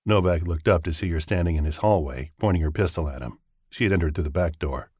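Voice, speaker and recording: A man narrating a first-person thriller audiobook in a steady, matter-of-fact way. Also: deep voice, fast talker, slightly rough, dry recording, studio quality.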